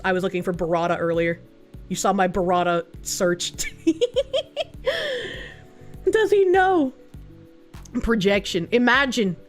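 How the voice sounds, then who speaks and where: A woman with a Boston accent, streaming and ranting casually in a blunt, profane way. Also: mid-range voice. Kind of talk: casual livestream commentary.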